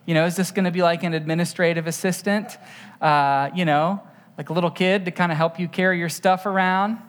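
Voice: mid-range voice, fairly even intonation, a little fast. A pastor preaching a conversational sermon, asking the listeners rhetorical questions and telling stories with voiced sound effects.

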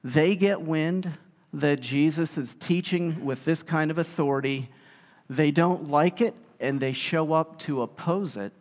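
A man preaching a sermon, telling the story in a lively way and acting out the quotes. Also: a little high, unhurried. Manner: animated storytelling, acts out quotes. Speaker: pastor. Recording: long hall reverb.

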